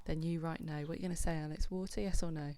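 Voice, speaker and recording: A woman leads a live phonics lesson for young children, cheering them on by name and counting down before each answer. Her voice sits low with a gravelly edge. A faint hiss runs underneath the recording. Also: steady tone, racing, dark tone. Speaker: homeschool teacher.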